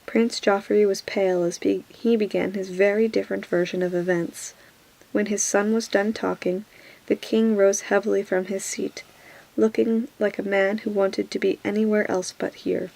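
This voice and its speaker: Woman, whispered role-play reading, gravelly texture, flat even tone. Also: mid-range voice, normal speed, rough recording. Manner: soft whisper. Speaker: reader.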